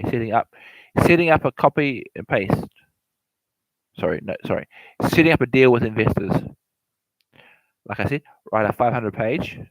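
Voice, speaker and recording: In a rambling, informal lecture on property investing, a man with a medium-pitched voice keeps repeating points, correcting himself, and talking straight to the listener. There's no room sound, and the recording quality is low.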